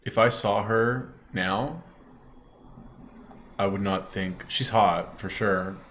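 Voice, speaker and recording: A man's voice: lowish voice, slow, fairly bright tone, a little hiss or hum. A man giving a ranting reaction commentary as a YouTube commentator, blunt, scornful and swearing often.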